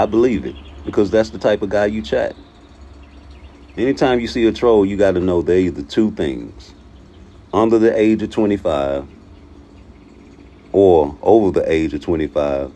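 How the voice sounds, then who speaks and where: Heated, low-voiced man ranting to chat. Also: mellow, slight background noise. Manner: profane, heated, argues with viewers. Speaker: boxing commentary streamer. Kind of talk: livestream rant to chat.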